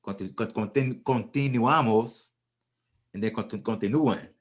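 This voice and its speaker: Relaxed man teaching a class. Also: lowish voice, normal speed. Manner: relaxed, repeats and restarts words while explaining. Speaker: Spanish teacher. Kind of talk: casual classroom lesson.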